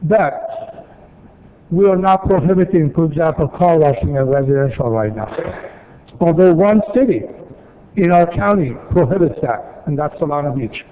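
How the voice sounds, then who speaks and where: A man's voice: a little high, animated, moderate pace. A man from city staff presenting at a council meeting, explaining rules step by step with repeated points and dry asides. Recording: tinny, phone-like archive audio.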